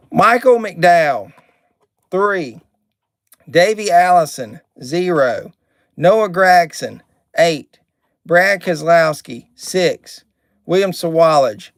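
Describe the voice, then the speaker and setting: A man's voice: fairly high pitch, no room sound, clean studio sound. A man hosting a live card break stream, chatting, reading out names and card numbers, and sometimes getting irritated.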